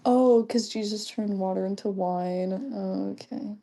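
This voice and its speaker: Giggly gravelly-voiced young woman streamer. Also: mid-range voice, fairly even intonation, unhurried, slight background noise. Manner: reads chat aloud, giggly, hushed, keeping quiet. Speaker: livestreamer. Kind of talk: casual livestream chat.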